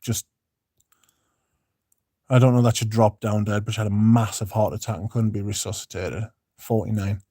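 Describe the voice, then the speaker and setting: A man's voice: fairly low pitch, steady tone, moderate pace, pauses often, dark tone, no echo, studio quality. A man hosting a casual livestream, reading out viewer comments and chatting in a rambling, laid-back way with the odd swear. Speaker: livestream host.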